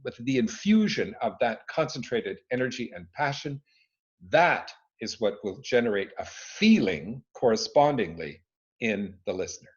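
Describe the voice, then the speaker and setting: A man explains his craft with a lively, swooping voice full of emphasis and restarts. He sits at home on a video call, and the audio comes through dull and lo-fi. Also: medium pitch, normal speed. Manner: expressive, emphatic, frequent restarts. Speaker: speaking coach and former conductor. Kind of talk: expert answering interview questions. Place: his living room at home.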